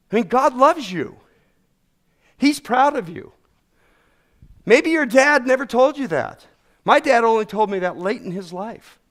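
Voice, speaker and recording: A middle-aged man preaching a sermon in an animated, folksy way, repeating phrases for emphasis. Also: high-pitched. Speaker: pastor.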